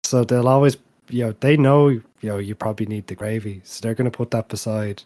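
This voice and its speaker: A man's voice: lowish voice, fairly even intonation, brisk, warm tone, no room sound. A man co-hosting a casual podcast, explaining things in a dry, matter-of-fact way. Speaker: podcast co-host. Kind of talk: casual chat.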